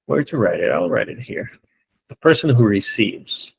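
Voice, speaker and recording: Very animated and speaking at a moderate pace, a man with a lowish voice and some vocal fry teaches English online. He patiently explains each step and keeps checking in with his students. The recording from his computer mic on a video call is rough, with slight background noise.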